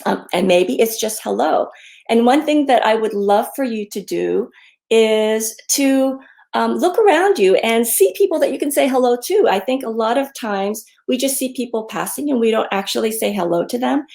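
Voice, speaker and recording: A woman reading her picture book aloud to children, in a gentle, friendly storytime manner with many pauses and ums. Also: on the high side, expressive, vocal fry.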